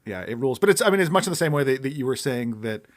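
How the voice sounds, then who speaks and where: A man's voice: mid-range voice, expressive, very fast. Podcast co-host, man, mid-range voice, dry wry delivery. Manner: dry, wry remarks with repeated restarts. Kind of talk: casual chat.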